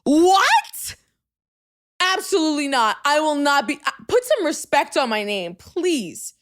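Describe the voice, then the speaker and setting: A young woman hosting a podcast, telling a story in casual chat, swinging from hushed asides to loud, exasperated outbursts and using "like" constantly. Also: high-pitched, big pitch swings, moderate pace. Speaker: podcast host.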